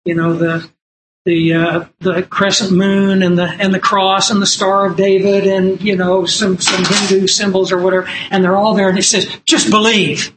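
A man's voice: high-pitched, little pitch movement, normal speed, noisy background. A man preaching a sermon from printed notes, earnest and emphatic, repeating key lines and telling stories.

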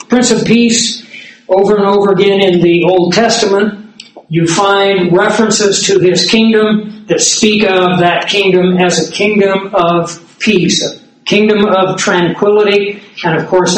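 A man preaching a sermon, expounding scripture in a measured, emphatic way with occasional fillers. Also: sits high, heavy reverb, rough recording. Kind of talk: sermon teaching.

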